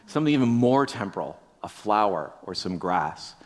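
A man's voice: on the low side, very animated, moderate pace. A man preaching a conversational sermon, musing aloud, asking the listeners rhetorical questions and often tagging on "right?". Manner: addresses listeners directly. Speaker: pastor.

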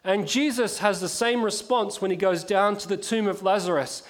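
A man preaching a sermon, impassioned, dropping to a hush and then rising to emphatic force. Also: high voice, fairly even intonation, normal speed. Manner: impassioned, swings from hushed to emphatic.

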